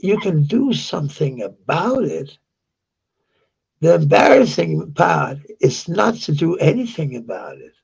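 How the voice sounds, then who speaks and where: A man's voice: on the high side, sing-song, measured pace, creaky, darkish tone, breathy edge, muffled recording. A man with a Danish accent ranting heatedly to camera, swearing and repeating himself. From Denmark. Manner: heated, profane, repetitive ranting. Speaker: vlogger. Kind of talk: angry rant to camera.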